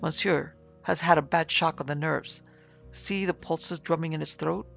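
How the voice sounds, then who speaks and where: A man doing an excitable young gentleman. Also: fairly high pitch, normal speed, vocal fry. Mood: curious. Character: excitable young Frenchman, companion to the investigator. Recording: slightly muffled with soft music.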